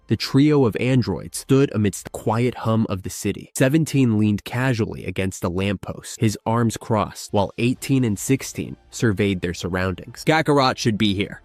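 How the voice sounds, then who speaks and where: A man reading a scripted story narration in a measured, steady way. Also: on the low side, dry recording.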